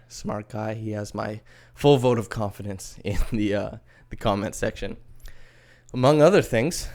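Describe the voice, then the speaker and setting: A man's voice: on the low side, a little mellow. A man hosting a solo sports podcast, talking in a chatty, wry, easygoing way. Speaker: podcast host. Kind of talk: casual solo podcast commentary.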